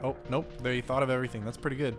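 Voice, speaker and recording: A man's voice: medium pitch, steady tone, rapid-fire, over music. A young man giving laid-back let's-play commentary as a streamer, peppered with "dude". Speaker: game streamer.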